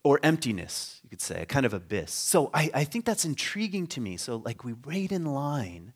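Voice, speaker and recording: A man's voice: medium pitch, very animated, normal speed, husky. A man giving an informal teaching talk on biblical history, conversational, with frequent laughs and rhetorical questions to the listeners. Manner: conversational, laughs often, trails off and restarts.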